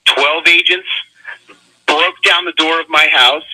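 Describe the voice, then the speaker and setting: A man, a radio interview guest, telling a personal story in an animated way with vivid swings of pitch. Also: a little slow, breathy edge, rough recording.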